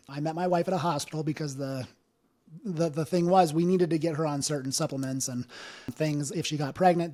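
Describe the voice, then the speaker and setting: A man in his thirties, a business owner appearing as an interview guest, tells his own life story candidly, earnest and emotional, with many fillers. His voice is a little high with a darkish tone.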